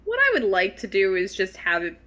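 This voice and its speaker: Bright, animated woman player. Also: medium pitch, brisk. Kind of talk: casual chat.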